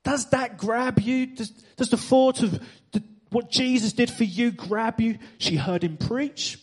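A man's voice: extremely high pitch, unhurried, breathy edge. A man preaching a sermon to a congregation, emphatic, repeating phrases and asking the room rhetorical questions. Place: church stage before a congregation.

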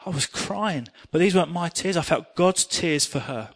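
A middle-aged man preaching a sermon, telling personal stories in an earnest, animated way. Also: on the high side, moderate pace, husky.

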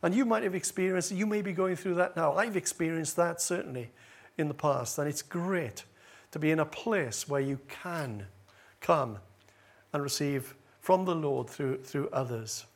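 A man preaching a sermon at a church service, earnest and building in volume on key phrases, with gentle asides and small hesitations. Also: a little high, normal speed.

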